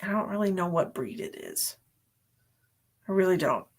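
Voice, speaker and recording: A woman's voice: fairly low pitch, expressive, moderate pace. A woman psychic medium giving a live-streamed reading, chatty and sleepy, thinking aloud with many fillers. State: sleepy, yawning.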